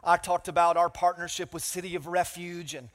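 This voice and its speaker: A man preaches in a large church, his voice pitched high. He tells a funny, self-mocking story and keeps calling the congregation to answer him. The sound rings with the long echo of a big hall. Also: brisk. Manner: animated, self-mocking storytelling with crowd call-outs. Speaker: pastor. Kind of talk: storytelling sermon.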